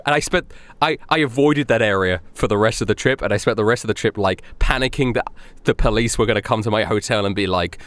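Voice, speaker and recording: A man's voice: fairly low pitch, quick pace, hardly any pauses, fairly bright tone, no echo. Chatty young man telling travel stories. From Europe. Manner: rambling anecdotes, laughing, acting out other people's lines. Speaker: podcast co-host. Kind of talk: casual chat.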